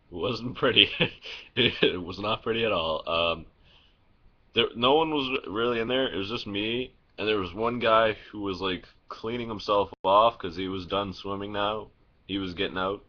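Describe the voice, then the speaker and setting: Low-voiced young man rambling. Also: highs cut off. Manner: rambling, full of "like" and restarts, laughs at his own stories; swears casually. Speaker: vlogger. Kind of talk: casual vlog storytelling. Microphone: phone.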